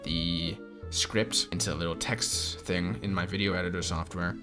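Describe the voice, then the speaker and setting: A young man with a lowish voice talks through viewer questions in a relaxed, rambling way, dropping in plenty of fillers. Background music plays clearly under his voice. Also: moderate pace. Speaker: channel host answering questions. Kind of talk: casual Q&A chat.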